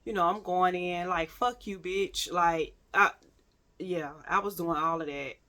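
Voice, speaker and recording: A woman with a bright, forceful voice tells a personal storytime straight to her viewers. She talks candidly and swears freely. She restarts her sentences often and breaks off to address the audience. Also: on the low side, unhurried. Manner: candid and profane, with frequent restarts and asides to viewers. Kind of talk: casual storytime monologue.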